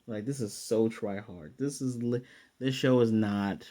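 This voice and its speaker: A man's voice: on the low side, measured pace, mellow. A man recapping and reviewing an anime episode in a casual, rambling way, often mocking what he describes. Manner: sarcastic, mocking, rambling with restarts.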